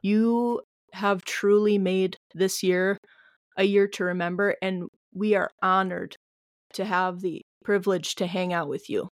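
A woman's voice: mid-range voice, steady tone, measured pace, no room sound, clean studio sound. A woman co-hosting a podcast in a casual, hesitant way, with many filler words and some mild swearing. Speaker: podcast co-host. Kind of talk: casual chat.

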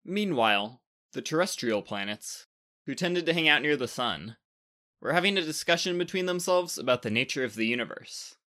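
Bright-voiced male storyteller. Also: a little high, normal speed. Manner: lively, expressive reading. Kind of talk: scripted storybook narration.

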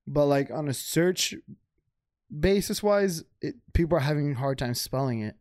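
A young man chatting on a podcast, his voice sitting a bit higher than most men's. He talks loosely and profanely, stacking up "like" and restarts. The sound is dry and close, with no room around it. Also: animated, moderate pace, a little mellow, no echo. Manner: loose, profane, filler-heavy. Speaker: podcast co-host. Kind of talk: casual chat. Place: home.

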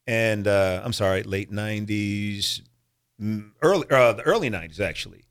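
A man's voice: lowish voice, normal speed, smooth. A middle-aged man, an actor and comedian, telling stories in a casual interview and acting out other people's voices with frequent laughs. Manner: animated storyteller acting out voices, laughs often.

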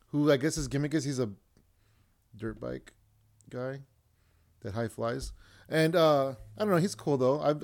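A man's voice: fairly high pitch, darkish tone. Rambling male podcast host. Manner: rambling, loses his place, acts out quotes. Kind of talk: casual wrestling recap.

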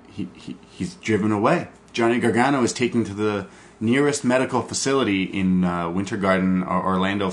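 A man hosting a podcast, excitedly recapping a wrestling show in casual chat, swearing and laughing. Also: lowish voice. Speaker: podcast host.

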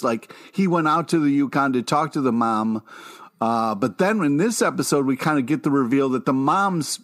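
A man's voice: a little high, moderate pace, a bit bright. Blunt, swearing man chatting on a podcast. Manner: blunt, swears freely, laughs often. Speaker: podcast co-host. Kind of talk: casual TV recap chat.

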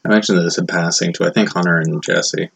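A man's voice: sits low, fairly even intonation, a little fast, vocal fry, noisy background. A young man co-hosting a casual podcast, telling a rambling story and acting out the people in it. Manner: rambling storyteller, acts out quotes loudly. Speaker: podcast co-host.

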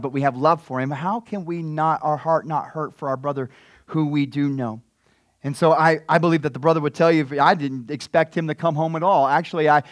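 High-voiced animated pastor preaching. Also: male voice, no room sound, studio quality. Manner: animated, repeats words, acts out scripture scenes. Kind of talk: sermon.

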